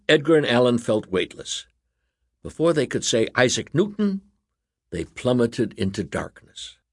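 A man reading a children's story aloud as narrator, in an animated, expressive way. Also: fairly low pitch, dry recording, clean studio sound.

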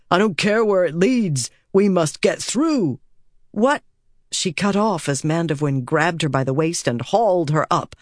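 Steady audiobook narrator, dry studio sound. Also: medium pitch, no echo. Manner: measured and steady, voicing characters. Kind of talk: scripted narration.

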